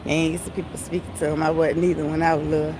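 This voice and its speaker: A woman's voice: sits low, level tone, fast talker. A woman live-streaming a vlog on her phone while walking around a busy outdoor tailgate, chatting playfully with viewers and greeting them by name. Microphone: phone held while walking. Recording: phone recording with outdoor background noise.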